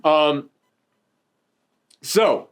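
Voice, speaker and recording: A man's voice: a little high, lively intonation, drawn-out words, clear, resonant tone. A man hosting a casual film review chat, rambling and laughing often while sitting on a couch. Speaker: podcast host reviewing films.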